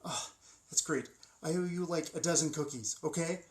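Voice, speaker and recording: A man's voice: fairly high pitch, moderate pace, natural voice, low-quality recording. A man playing an eager, rambling male wizard professor who teaches curse breaking, stumbling over his words in a fan-made web drama.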